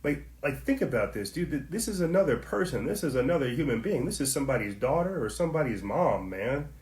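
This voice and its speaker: A man delivers a heated commentary monologue on his podcast, preachy and repetitive, talking straight at his listeners. His voice sits at an ordinary middle pitch. The room around him is echoey. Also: big pitch swings, fairly quick, darkish tone. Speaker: podcast host.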